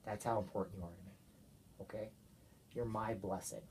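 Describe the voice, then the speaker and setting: A father giving his young daughter an earnest, gentle talk, often checking with "okay?". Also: on the low side, fairly even intonation, fairly quick, a little hiss or hum. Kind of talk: heartfelt talk to his child.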